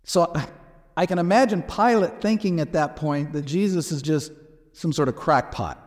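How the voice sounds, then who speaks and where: A man's voice: on the high side, normal speed, a little mellow, in a large hall. A man teaching a lecture on a Bible passage, explaining it step by step and acting out the quoted exchanges.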